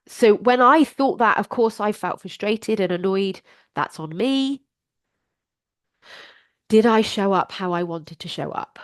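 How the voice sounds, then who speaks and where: Expressive and a little slow, with long pauses, her mid-range voice is recorded close and dry with no room sound. This middle-aged life coach offers advice alone on her podcast, addressing listeners in an earnest, encouraging, plain and direct way.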